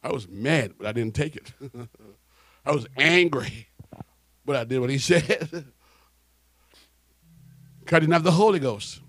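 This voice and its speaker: A man preaching a sermon, telling his conversion story and building from quiet storytelling to shouted fervor. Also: mid-range voice, animated, unhurried, long pauses. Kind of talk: sermon testimony.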